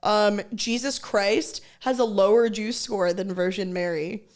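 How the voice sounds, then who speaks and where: A woman's voice: mid-range voice, steady tone, measured pace. A woman co-hosting a casual podcast, eager and chatty, reading bits aloud from a website. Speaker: podcast co-host.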